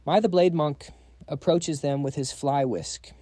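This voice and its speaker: A man narrating a comic story recap in an even storytelling delivery. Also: on the high side, measured pace, dry recording.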